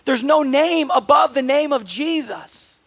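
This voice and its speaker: High-voiced man preaching a sermon. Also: expressive, unhurried, gravelly, dry recording. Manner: conversational, emphatic preaching with rhetorical questions. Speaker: pastor.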